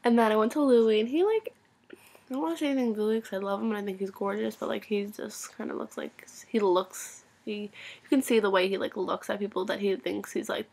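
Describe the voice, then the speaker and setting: A young woman telling an excited story for her vlog, gushing and full of "like," sometimes dropping to a whisper. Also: medium pitch, fairly quick, creaky, breathy edge. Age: young adult. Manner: gushing, breathless, constant "like" filler; swings between loud excitement and hushed whispers. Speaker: vlogger.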